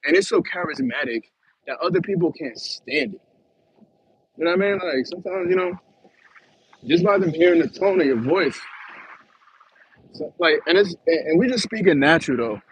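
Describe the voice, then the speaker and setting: A man's voice: on the high side, expressive, moderate pace, long pauses, a little hiss or hum, rough recording. A man with an East Coast American accent, joking around in a playful casual monologue and laughing often. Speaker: comedic vlogger.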